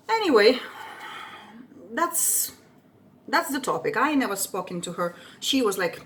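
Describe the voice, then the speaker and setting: A young woman whose first language is Russian rants through a storytime vlog. Her voice sits fairly high and swoops animatedly as she vents, and she swears freely. Her tone stays indignant throughout. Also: sing-song, moderate pace, slight background noise. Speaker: vlogger. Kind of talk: casual storytime rant.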